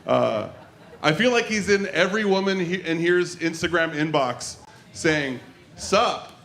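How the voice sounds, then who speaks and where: A man's voice: a little high, lively intonation, unhurried, creaky, a bit bright. A man hosting a comedy show, bantering loosely with hesitant fillers between comics. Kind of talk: introducing comics on stage. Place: comedy club stage. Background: audible crowd.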